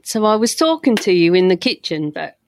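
A woman hosting a casual interview over beers, relaxed and laughing along. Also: medium pitch, fairly quick. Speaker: podcast host.

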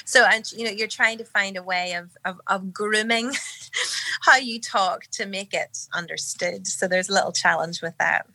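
Irish woman guest, bright chatty voice, dry close sound. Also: medium pitch, normal speed, gravelly, dry recording, low-quality recording. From Ireland. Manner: chatty, laughs often, restarts sentences. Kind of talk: conversational interview.

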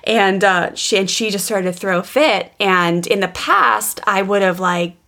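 Podcast host, woman, thirties, a touch of fry, animated storyteller who quotes herself. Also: mid-range voice, a little slow. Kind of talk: casual storytelling chat.

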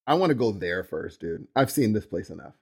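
A man co-hosting a casual podcast chat, playful and quick to laugh, joking in mock accents. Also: on the low side, sing-song, husky. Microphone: podcast microphone.

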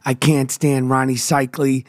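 A man's voice: medium pitch, little pitch movement, unhurried, dry recording, clean studio sound. A man from New York hosting a podcast, ranting about sports with heavy swearing and sing-song chanted intros. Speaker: podcast host. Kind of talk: profane sports rant.

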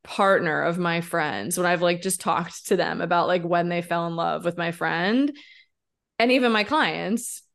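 A woman's voice: lowish voice, unhurried, gravelly, fairly bright tone. A woman co-hosting a podcast about relationships, speaking earnestly as she sums up a lesson. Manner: earnest, teaching tone. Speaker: podcast co-host. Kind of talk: casual chat.

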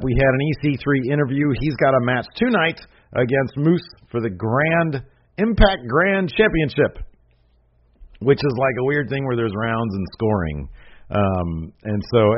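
A man's voice: mid-range voice, lively intonation, normal speed, slight background noise. A man hosting a casual podcast, recapping a show in a rambling way, full of fillers and asides. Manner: rambling, lots of filler and "anyways". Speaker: podcast host reviewing wrestling. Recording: dull lo-fi recording.

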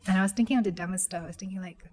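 A young woman quietly telling a personal story, halting with many fillers and restarts. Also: medium pitch.

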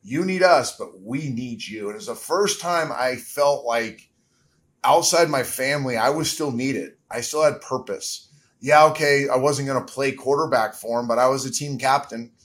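A man's voice: mid-range voice, moderate pace, a bit bright. Middle-aged male guest, candid and emotional, holding back tears. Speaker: podcast guest. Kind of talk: interview.

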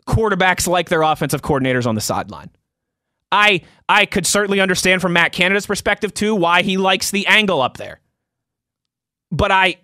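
A man's voice: high voice, sharp tone, no echo, studio quality. A young man hosting a sports talk show, chatting loosely and reading out listener tweets, laughing easily. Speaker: sports podcast host.

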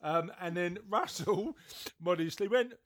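Man, podcast co-host, slightly high voice, rambling, self-deprecating, laughs a lot, casual chat. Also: unhurried, fairly bright tone.

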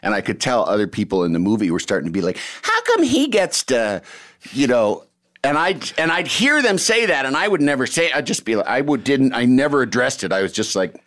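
A man's voice: mid-range voice, fast talker. A man, an actor, chatting casually and telling showbiz stories, acting out the people he quotes. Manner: animated storyteller, acts out quotes. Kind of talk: casual conversation.

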